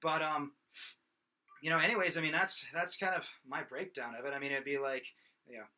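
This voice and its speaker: A man's voice: fairly high pitch, steady tone, fairly quick. A young man teaching singing in a loose, rambling way, full of fillers. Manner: rambling, many fillers, breaks into loud sung demos. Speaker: vocal instructor. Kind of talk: casual singing lesson.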